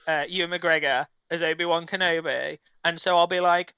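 Bright-voiced, eager man co-host. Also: fairly high pitch, level tone, clear, resonant tone, no room sound, highs cut off. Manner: enthusiastic, halting with fillers. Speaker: podcast co-host. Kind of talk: casual chat.

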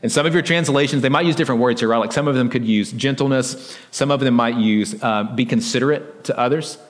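A man delivers a sermon in a relaxed, conversational way, peppering his points with "like" and "right?" as he talks to the congregation. His voice sits at an ordinary middle pitch and carries a long hall reverb around it. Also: fast talker. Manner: conversational preaching with frequent "like" and "right?". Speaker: pastor.

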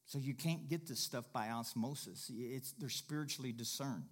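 A man's voice: mid-range voice, moderate pace. A man pastor preaching a sermon, folksy and conversational, repeating key lines and building to emphatic, rising bursts. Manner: folksy, jokes with the congregation and laughs.

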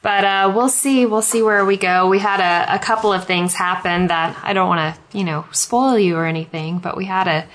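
A woman's voice: mid-range voice, fairly even intonation, moderate pace, hardly any pauses, fairly bright tone, a little hiss or hum, rough recording. A woman hosting a podcast, chatting casually and rambling with many fillers. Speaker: podcast host. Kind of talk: casual chat.

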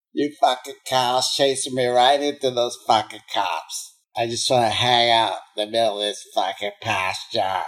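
A man's voice: mid-range voice, fairly bright tone, voice pushed down, natural voice. A man putting on a foul-mouthed drugged-up woman on the run. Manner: crude, rambling, swearing constantly.

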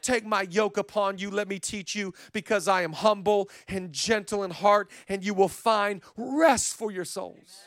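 High-voiced pastor preaching, from soft to loud. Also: male voice, measured pace, few pauses, dry recording. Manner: swings from soft, intimate passages to loud emphatic calls. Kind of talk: sermon. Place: church stage.

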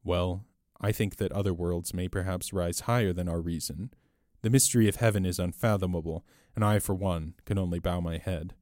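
A man's voice: normal speed, dry recording, clean studio sound, lightly acted. A man playing a tall, mocking master thief. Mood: low. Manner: low and steady, then mocking and boastful. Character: tall, bold male master thief posing as a priest.

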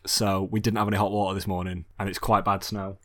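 A young man chatting on a podcast, his voice set a bit low and his words run together in a quick mumble. The sound is dry and close, with no room around it. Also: flat delivery, a bit bright, no room sound. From Sheffield, England. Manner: mumbly, talks fast and low. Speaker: podcast host. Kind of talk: casual chat.

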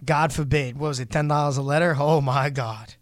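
A man's voice: on the high side, steady tone, a little fast, no echo. Blunt, heated man ranting. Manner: blunt, heated, swearing, quotes others in put-on voices. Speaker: show host. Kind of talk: casual podcast rant.

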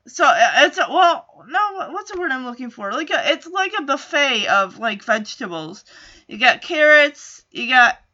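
High bright-voiced chatty woman recapping. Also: muffled recording. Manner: chatty, quotes characters, frequent "like" and asides. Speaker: episode recap host. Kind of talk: casual episode recap.

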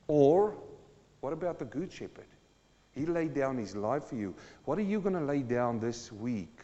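A man preaching a sermon as pastor, moving between low, earnest talk and loud, fervent declarations. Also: lively intonation, normal speed, big-room sound, muffled recording. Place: church.

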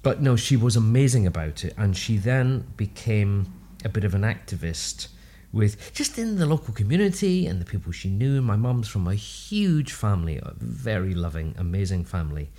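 Man, low voice, podcast guest, humorous storyteller, warm anecdotes. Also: sing-song, normal speed, hardly any pauses. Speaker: speech and language therapist, podcast guest. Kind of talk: casual storytelling interview.

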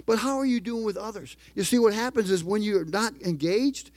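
Middle-aged guy preaching, high pitched, punchy call-and-response sermon, dry close mic. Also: fairly quick, a little mellow, dry recording. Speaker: pastor.

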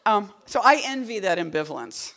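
Between poems at her reading, a woman poet chats casually, rambling and wry, cutting herself off and swinging from loud bursts to quiet murmurs. Her mid-range voice has a sing-song lilt and some vocal fry, and she keeps a moderate pace.

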